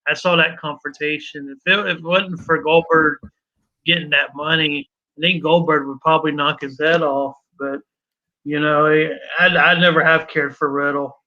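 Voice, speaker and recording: Man, plain-spoken co-host, slightly high bright voice, dull lo-fi audio. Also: level tone, moderate pace. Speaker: podcast co-host. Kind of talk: casual chat.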